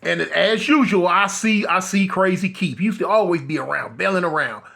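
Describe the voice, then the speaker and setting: A man vlogging a casual street story in a slangy, animated way, talking straight to his viewers. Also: sits high, moderate pace, creaky.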